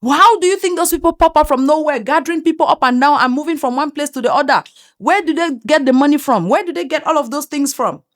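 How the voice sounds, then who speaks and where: A woman's voice: high voice, fast. A woman with an African accent giving an opinionated commentary monologue, emphatic and full of rhetorical questions. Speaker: online commentator.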